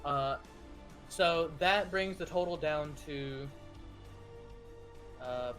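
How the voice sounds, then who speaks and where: A man's voice: on the high side, very slow, fairly bright tone, soft background music. A man narrating and running a tabletop game as game master, describing actions with lots of fillers and restarts. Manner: narrates actions with frequent fillers and self-corrections.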